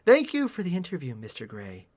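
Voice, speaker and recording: A man voicing a stern, brooding rich young man in a slow, hushed, breathy way, as a mock-dramatic book reading. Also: a little high, huge pitch swings. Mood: smoldering.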